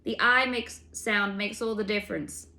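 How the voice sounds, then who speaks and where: A woman voicing an outlaw sentry man with a high, trembling voice and a soothing, simple-minded manner. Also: steady tone, moderate pace, pushed and bright.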